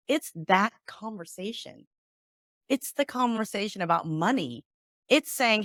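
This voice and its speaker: A woman's voice: mid-range voice, normal speed, dry recording, clean studio sound. A woman mediator and negotiation coach talking in a podcast interview, acting out sample exchanges as she explains. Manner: animated, acts out example dialogues.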